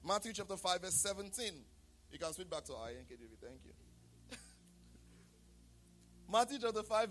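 A Bible study teacher who keeps asking the class to fill in answers and checks that they are following. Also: mid-range voice. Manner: quizzes the class with fill-in questions; often checks that listeners follow.

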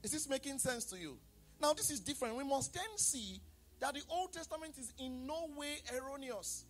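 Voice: sits high, sing-song, normal speed. A Bible study teacher who keeps asking the class to fill in answers and checks that they are following. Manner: quizzes the class with fill-in questions; often checks that listeners follow.

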